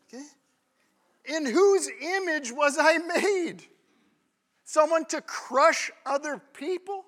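High-voiced, slow-talking man preaching. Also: fairly bright tone. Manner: conversational, checks in with the congregation often. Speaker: pastor. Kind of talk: sermon.

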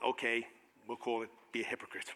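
A man's voice: mid-range voice, a little fast, big-room sound, slight background noise. A man preaching a sermon as pastor, retelling Bible stories in casual modern speech and acting out the characters' lines. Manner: animated storytelling, acts out biblical voices in casual modern speech.

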